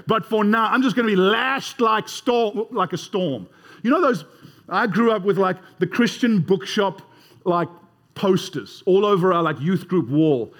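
Animated high-voiced male preacher. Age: 30s or older. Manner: animated, conversational, leads congregation in responses. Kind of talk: sermon.

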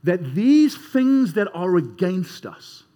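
A man's voice: sits high, very animated, slow pace, mellow. A man preaching a sermon as pastor, emphatic and conversational, often repeating words.

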